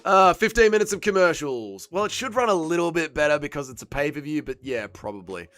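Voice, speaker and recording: An excitable man hosts a live fight watch-along, bantering with his chat and swearing freely. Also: fairly high pitch, fairly quick, faint music behind. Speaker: livestream host.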